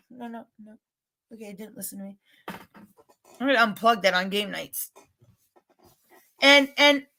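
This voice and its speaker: A woman with a regional American accent, rambling and emphatic as she talks straight to her livestream chat, getting loud when she is upset. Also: high voice. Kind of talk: casual chat, defensive and venting.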